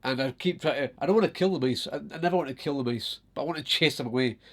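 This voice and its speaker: Animated Scottish man telling stories. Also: a little high, quick pace. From Scotland. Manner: animated, laughs often, swears freely. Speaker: vlogger. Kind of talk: casual storytelling to camera.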